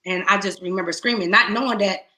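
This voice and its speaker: A middle-aged woman tells her own loss as testimony, and her bright, edged voice carries across the space. She moves between hushed, near-whispered pain and sudden loud bursts, and the room lends a noticeable echo. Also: mid-range voice, fast. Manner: raw, tearful retelling with rising outbursts and hushed moments. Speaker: guest speaker. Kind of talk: emotional personal testimony.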